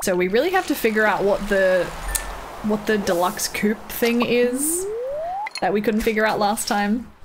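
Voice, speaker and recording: A woman's voice: medium pitch, expressive, moderate pace. Woman streamer, chatty and giggly, bouncy voice, noisy background. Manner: chatty, laughs often, talks to chat. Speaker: game streamer. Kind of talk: casual live-stream chat while gaming.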